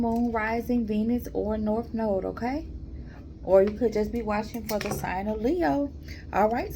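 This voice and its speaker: A woman giving a casual tarot reading, talking to her viewers in a calm, mellow, chatty way and calling them y'all. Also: fairly high pitch, background noise. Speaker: tarot reader.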